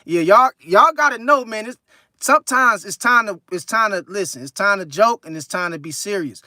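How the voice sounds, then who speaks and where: A man with a California accent hosting a casual live stream, reading chat aloud and telling loose, profane, animated stories. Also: high voice, moderate pace, no echo, clean studio sound. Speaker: livestream host reading chat.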